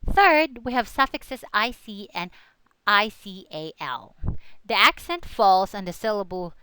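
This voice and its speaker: Slow, animated woman teaching pronunciation. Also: mid-range voice, smooth, rough recording. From Philippines. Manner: spells out letters, repeats example words slowly. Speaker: student presenter. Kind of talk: recorded English pronunciation lesson.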